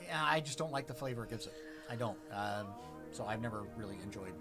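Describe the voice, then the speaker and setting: A man's voice: fairly low pitch, animated, fast, music in the background. A man hosting a casual livestream chat, blunt and wry, joking with his wife. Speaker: host.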